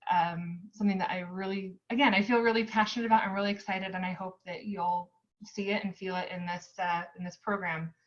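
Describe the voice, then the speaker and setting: A woman's voice: mid-range voice, muffled recording. A young American woman giving a casual recorded lecture as a nursing student tutor, chatty and upbeat with lots of ums.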